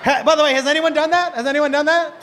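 A middle-aged man doing loud, profane, animated stand-up comedy in a comedy club, speaking into a handheld mic. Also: extremely high pitch, fast, background noise. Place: comedy club stage before a live audience.

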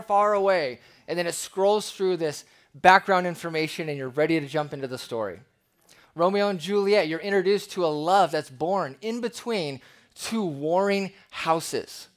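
A man preaching a sermon as pastor, conversational and lively, with playful asides. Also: sits high.

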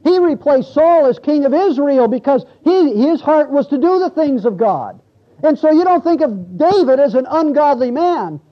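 A man's voice: extremely high pitch, animated, moderate pace, highs cut off. A man preaching a sermon in a church, talking conversationally with the congregation and reading scripture aloud. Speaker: pastor. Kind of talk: expository sermon.

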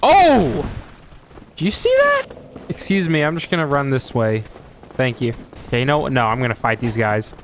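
A man giving live gameplay commentary, excitable and joking, who trash-talks enemies and yelps and shouts at the game. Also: mid-range voice, fairly quick. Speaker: streamer playing a video game. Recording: noticeable background noise.

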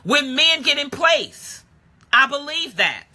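A woman preaching a live-streamed sermon in a casual, call-and-response way that swings from low talk to shouted praise. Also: big pitch swings, slow. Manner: casual street-talk phrasing. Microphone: phone or webcam live stream.

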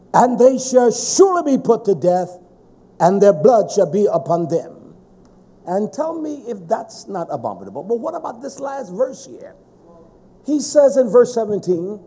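A man preaching a sermon in a fervent, emphatic way, with sudden shouted stresses. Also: high-pitched, breathy edge.

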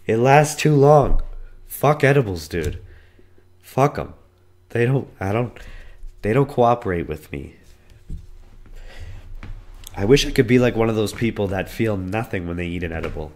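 Hoarse young man, voice fading. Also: animated, measured pace, long pauses, a little mellow. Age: 20s. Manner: profane, rambling storytelling; voice cracks and breaks on high notes. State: hoarse, losing his voice from illness. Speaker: podcast host. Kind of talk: casual solo podcast monologue.

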